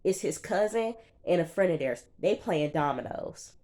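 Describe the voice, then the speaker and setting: Low-voiced woman recapping reality TV. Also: lively intonation, normal speed, dark tone. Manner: sassy and chatty, talking straight to the viewer. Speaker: TV reviewer. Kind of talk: casual reality-show recap.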